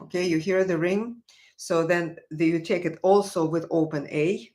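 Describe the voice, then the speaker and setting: A woman's voice: on the low side, steady tone, normal speed, a little mellow, faint music behind. A woman teaching violin on a live stream, answering viewers' questions in a chatty, encouraging way full of fillers and restarts. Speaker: violin professor.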